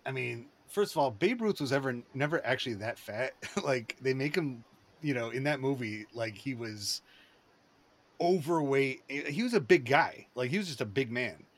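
A man talking in a rambling, excitable way, with lots of fillers and restarts, in a casual chat. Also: medium pitch, normal speed.

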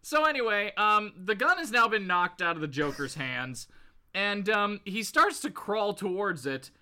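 Animated woman retelling a comic. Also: mid-range voice, unhurried. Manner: animated storytelling with voices and laughter. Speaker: podcast co-host retelling a comic. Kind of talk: casual comedic chat.

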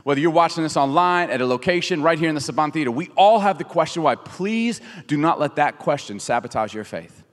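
Lively storytelling male pastor in a theater. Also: a little high, brisk, hardly any pauses. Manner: animated storytelling with jokes and acted-out quotes. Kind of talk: sermon. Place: large theater. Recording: long reverb of a big theater hall.

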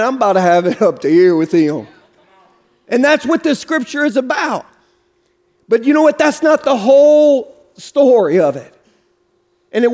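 A man with a strikingly high voice delivers a sermon in a church. His preaching is fervent, rising into a musical, rhythmic cadence as he presses the congregation to respond. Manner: fervent preaching, rhythmic sing-song cadence, urging the crowd. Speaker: pastor.

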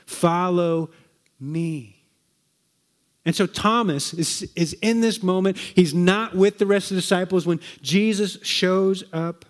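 A man's voice: high-pitched, normal speed, few pauses. A man preaching a sermon in a conversational way, often asking rhetorical questions and repeating words.

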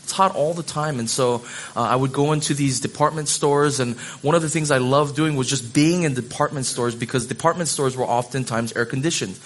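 Animated storytelling pastor, a man. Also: mid-range voice, brisk. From Hawaii. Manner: animated storyteller acting out voices. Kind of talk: sermon storytelling.

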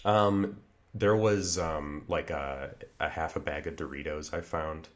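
A man's voice: extremely low pitch, steady tone, measured pace. A man co-hosting an improvised comedy podcast, talking earnestly with lots of fillers and restarts. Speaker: podcast co-host.

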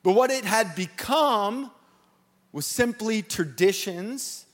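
Animated high-voiced male preacher. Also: slow pace, big-room sound. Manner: animated storytelling, acting out panicked shouts. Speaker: pastor. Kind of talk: sermon. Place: church stage, live service.

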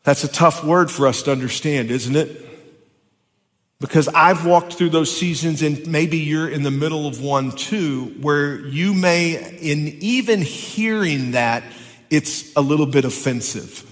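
A male pastor preaches with a slightly high voice that rings out in a long hall reverb. He jokes and teases in quick asides, then slows right down to repeat his key lines with weight. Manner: playful, teasing asides then slow emphatic repetition. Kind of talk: sermon.

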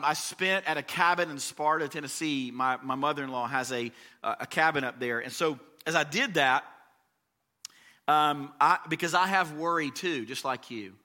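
A man delivers a conversational sermon. His voice sits a little high and rings bright. He leans into key phrases and lets them swell louder. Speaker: pastor.

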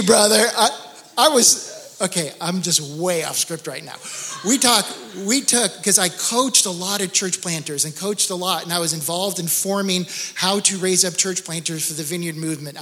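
A middle-aged male pastor preaching a sermon with animated, joking storytelling. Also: high voice. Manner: animated storytelling with laughs and exclamations.

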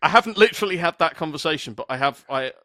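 A man's voice: a little high, animated, quick pace, pushed and bright, dry recording, clean studio sound. A man from the UK hosting a casual podcast chat, rambling through asides and swearing freely. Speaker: podcast host.

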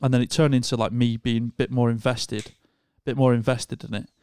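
A man's voice: mid-range voice, level tone, a little fast, darkish tone, clear, resonant tone, dry recording. A man, co-hosting a podcast and telling a long story in casual chat, with lots of restarts. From Northern England. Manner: rambling storyteller with many restarts. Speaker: podcast co-host.

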